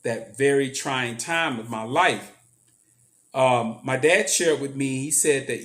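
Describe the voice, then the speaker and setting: A man's voice: fairly high pitch, a bit bright. Earnest man telling his story. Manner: earnest, emphatic storytelling with repetitions. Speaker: motivational speaker. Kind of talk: personal story monologue.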